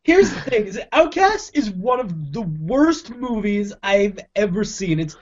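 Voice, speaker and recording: A man's voice: high voice, big pitch swings, a little slow. A young man, a podcast co-host, chatting casually and emphatically about a bad movie, laughing often and using slang. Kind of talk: casual movie review chat. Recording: dull lo-fi audio.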